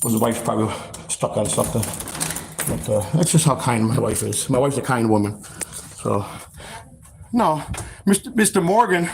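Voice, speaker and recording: A man's voice: mid-range voice, lively intonation, normal speed, creaky, pauses often. A man hosting a live stream while walking outdoors, blunt and heated, repeating his points. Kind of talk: walk-and-talk live stream. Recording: street traffic noise behind.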